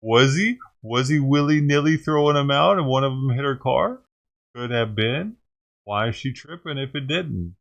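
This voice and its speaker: A man's voice: mid-range voice, moderate pace, vocal fry, muffled recording. A man hosting a vlog who rants and swears heatedly while reacting to a news clip. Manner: heated, ranting, swears often. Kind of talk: profane reaction commentary.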